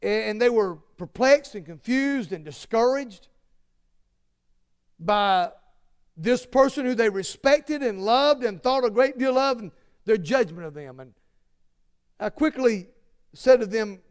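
A man preaching a sermon, earnest and emphatic, repeating phrases and swinging between loud declarations and hushed asides. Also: extremely high pitch, lively intonation, unhurried, pauses often, smooth.

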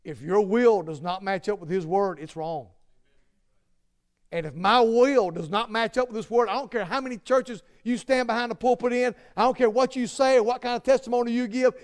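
Emphatic, high-voiced man preaching. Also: normal speed. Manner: earnest, emphatic, repeats phrases, swings from loud to hushed. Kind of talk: sermon.

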